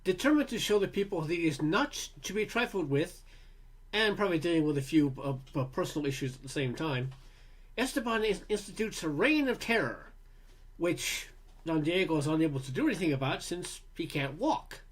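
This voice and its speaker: A man from Canada narrating a film review in a relaxed, wry, casual way, with fillers. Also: fairly high pitch, a little fast. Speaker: film critic.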